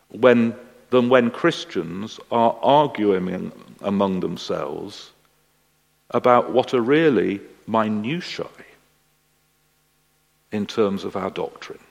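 A man preaching a sermon at a slow, deliberate pace. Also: on the low side, gravelly. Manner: slow, deliberate delivery, animated voices in the story. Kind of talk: sermon with a told joke. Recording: long hall reverb.

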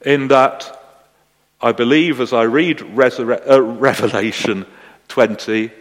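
A man preaching a sermon at a slow, deliberate pace. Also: mid-range voice. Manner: slow, deliberate delivery, animated voices in the story. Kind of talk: sermon with a told joke. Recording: long hall reverb.

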